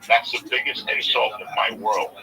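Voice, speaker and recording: Gravelly man telling a profane story. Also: mid-range voice, normal speed, crowd noise. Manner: profane, animated retelling with quoted dialogue. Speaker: storyteller guest. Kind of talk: casual storytelling. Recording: far from mic with music behind.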